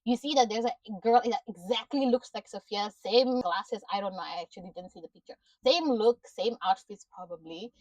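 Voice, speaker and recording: A woman's voice: fairly high pitch, darkish tone, dry recording, far from the mic, low-quality recording. A woman giving a casual recap of a TV episode, ranting in exasperation with frequent swearing and laughter. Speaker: show reviewer.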